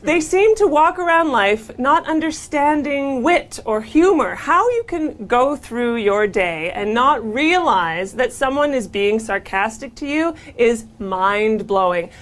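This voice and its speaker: High-voiced woman contestant, laughs a lot, quick improvised comedy riffs. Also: expressive, a bit bright. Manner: chatty, laughs often, self-mocking. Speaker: panel game contestant. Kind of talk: improvised comedy speaking game.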